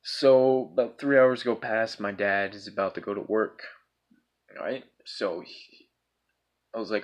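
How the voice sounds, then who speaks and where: A man's voice: on the low side, steady tone, a little slow, long pauses, muffled recording. A young man casually telling a personal story, rambling and swearing a lot, often checking in with his listeners. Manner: profane, rambling, checks in with 'right?' and 'bro'.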